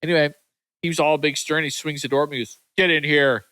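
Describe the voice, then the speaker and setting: Laughing, animated Canadian man. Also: on the high side, quick pace. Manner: animated storyteller, acts out other voices, laughs often. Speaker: podcast co-host. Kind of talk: casual chat.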